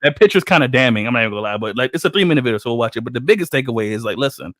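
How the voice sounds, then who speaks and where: A man hosting a casual podcast, joking and cursing as he tells stories. His pitch swings widely as he acts out what other people said. The sound is dry and close, with no room echo. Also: racing. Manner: animated storyteller who acts out other people's quotes; profane, joking. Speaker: podcast host.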